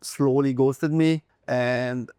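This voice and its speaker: A man in his thirties with a French accent, a real estate agent chatting as an interview guest, hesitant with many fillers and quick to joke about himself. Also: mid-range voice, steady tone, mellow, clear, resonant tone, dry recording, studio quality. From France. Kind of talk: casual interview chat.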